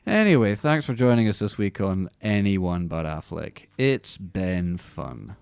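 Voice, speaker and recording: A man's voice: low-pitched, expressive, a little slow, gravelly, a little mellow, smooth, no room sound. A man hosting a movie podcast, reading news with dry, mocking asides. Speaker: podcast host. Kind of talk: casual comedic movie news chat.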